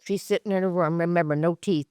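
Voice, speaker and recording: A woman therapist from Massachusetts, a guest in a casual podcast interview. Her voice sits fairly low, and she is animated, laughing often as she tells stories. The recording is dry and close. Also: quick pace, clean tone, dry recording.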